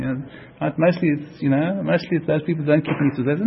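Man, Torah lecturer, fairly high gravelly voice, animated and repetitive, dull lo-fi recording with faint hiss. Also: racing. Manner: animated, repeats himself, mixes Hebrew and Yiddish terms. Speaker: Torah teacher.

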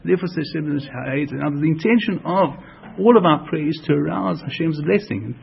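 A man's voice: a little high, expressive, fairly quick, vocal fry, slightly rough. A man teaching a religious lesson, earnest, repeating and rephrasing each point as he explains it. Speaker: Torah teacher. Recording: dull lo-fi recording.

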